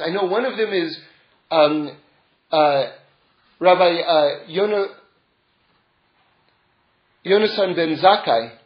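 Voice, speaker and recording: Guy with a high voice giving a chatty torah class, rambly, dull muffled recording. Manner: digressive storytelling with frequent chuckles. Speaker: Torah teacher. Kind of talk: informal religious lecture. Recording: roomy, dull lo-fi sound.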